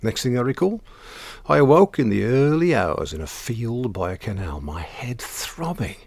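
A man narrating a comic first-person tale in dry, deadpan, mock-grand wording. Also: medium pitch, moderate pace, gravelly, breathy edge, no room sound. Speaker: storyteller.

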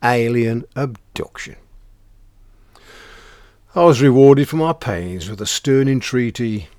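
A man narrating a comic first-person tale in dry, deadpan, mock-grand wording. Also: medium pitch, unhurried, long pauses, dry recording. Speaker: storyteller.

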